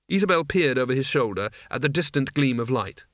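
Measured yet expressive, a male audiobook narrator reads scripted passages from a fantasy novel. He speaks at a medium pitch, captured in a dry recording of studio quality.

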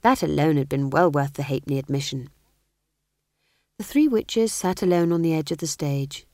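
A woman's voice: low-pitched, normal speed, darkish tone, no echo. A woman narrating an audiobook in a dry, wry storytelling manner.

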